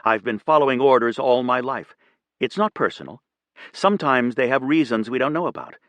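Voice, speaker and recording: A man voicing a steady female airline captain with military past, speaking quietly, kindly and firmly. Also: medium pitch, brisk, no echo, lightly acted. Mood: calm. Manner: quiet, kind and firm.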